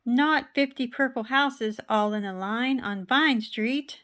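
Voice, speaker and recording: A woman voicing a busy, cheerful male house painter in a children's storybook, speaking in bright, eager exclamations. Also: fairly high pitch, extremely slow, pitched above the performer's own voice. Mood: alarmed.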